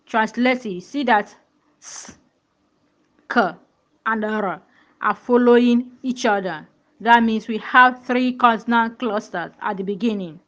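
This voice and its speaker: A woman's voice: on the high side, unhurried, fairly bright tone, lo-fi sound. A woman teaching a pronunciation lesson, repeating words and checking that learners follow. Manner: repetitive, checks understanding with questions.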